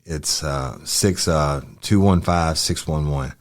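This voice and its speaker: A man reading the lines of a young male witness answering detectives in short, halting, deferential replies. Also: a bass voice.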